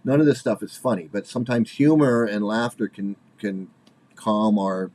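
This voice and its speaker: A man in his forties giving casual spoken commentary, halting and repeating himself, with nervous laughs, worked up and angry. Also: lowish voice, steady tone, darkish tone. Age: 40s.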